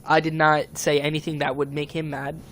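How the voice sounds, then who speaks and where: Young male streamer, slightly high voice, rambling upset rant full of swearing. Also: completely flat delivery, a little fast, a bit bright, slight background noise. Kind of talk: casual venting monologue.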